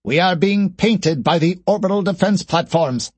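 A man doing an alarmed, shouting bridge operator. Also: high voice, moderate pace, slightly rough, dry recording, pitched above the performer's own voice. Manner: shouting reports.

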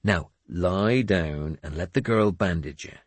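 A man voicing a gruff warrior captain in an audiobook, snarling blunt orders. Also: sits low, measured pace, no room sound. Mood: gruff, commanding. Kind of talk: audiobook character voice.

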